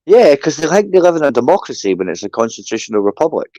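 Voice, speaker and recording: A man's voice: medium pitch, big pitch swings, quick pace, dark tone, no room sound. A man from Scotland with a Scottish accent, trading crude, teasing banter on an online call. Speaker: panel guest. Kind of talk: provocative banter.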